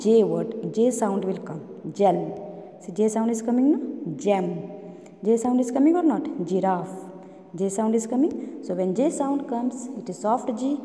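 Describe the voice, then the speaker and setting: Lady teacher drilling kids on sounds, dark gravelly voice, lots of room echo. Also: medium pitch. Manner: slow, repetitive, drilling sounds with many questions. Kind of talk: online phonics lesson for young children. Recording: roomy echo with long reverb.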